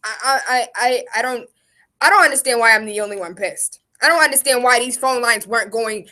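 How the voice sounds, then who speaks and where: A woman's voice: fairly high pitch, brisk, sharp tone. A young woman delivering a fiery, emotional rant straight to her viewers, emphatic and profane as she speaks out as a local activist. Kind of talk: impassioned direct-to-camera rant.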